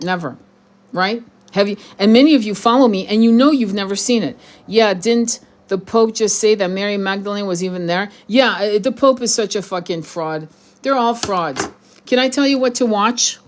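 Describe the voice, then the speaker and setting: With a medium-pitched, animated voice at moderate speed, a woman runs her spiritual tarot channel. She rants bluntly and heatedly at viewers in a profane, meandering monologue, often starting over.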